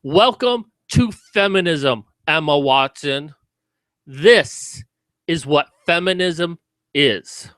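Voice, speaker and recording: A man's voice: fairly high pitch, animated, slow pace, a bit bright, no echo. A man giving sarcastic, mocking commentary in a video about a news story.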